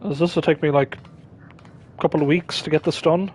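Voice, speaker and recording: A man's voice: fairly high pitch, fairly even intonation, moderate pace, pauses often, darkish tone, slightly rough. A man giving casual gameplay commentary, rambling and breaking off his own sentences with chuckling asides. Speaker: streamer.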